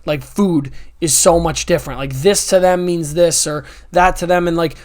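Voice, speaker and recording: Young male podcast host, high voice, upbeat rambling delivery. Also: fairly even intonation, moderate pace. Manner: rambling, self-correcting, upbeat. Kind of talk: casual chat.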